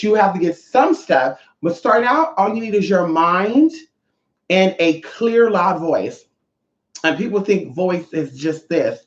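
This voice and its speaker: Sassy spiritual teacher ranting casually, swears a lot, roomy kinda muffled sound. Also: mid-range voice. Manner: brash, profane, sassy. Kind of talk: casual vlog monologue. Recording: echoey, slightly dull room sound.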